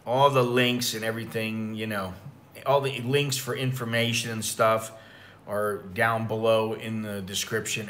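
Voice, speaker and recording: A man's voice: on the low side, little pitch movement, measured pace, fairly bright tone, slight background noise. An American man telling rambling, profane stories in a casual livestream chat. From United States. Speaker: expat vlogger.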